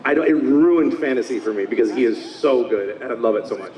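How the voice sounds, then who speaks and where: A man in his fifties, a voice actor talking at a convention panel, enthusiastic and slipping into quick character voices. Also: mid-range voice, a little mellow, recorded from a distance. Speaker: voice actor guest. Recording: roomy hall, mic from afar.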